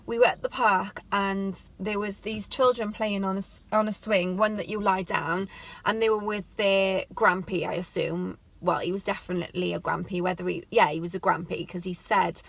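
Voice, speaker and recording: Speaking at normal speed in a steady, mid-range voice with some vocal fry, a woman who vlogs about parenting pleads earnestly to camera about how parents speak to their children. It's casual and heartfelt, with no room sound.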